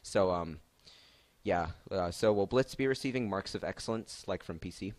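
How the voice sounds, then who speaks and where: A man's voice: sits low, normal speed. A man hosting a casual Q&A on his stream, rambling with many fillers and laughs. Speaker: stream host asking questions.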